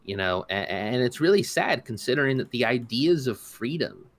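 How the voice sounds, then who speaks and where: A man's voice: medium pitch, expressive, moderate pace. A man riffing on a casual podcast, rambling and stumbling through his points with growing indignation. His voice sits in an ordinary middle register. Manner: rambling, indignant, many restarts and fillers. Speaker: podcast co-host. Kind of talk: casual opinion commentary.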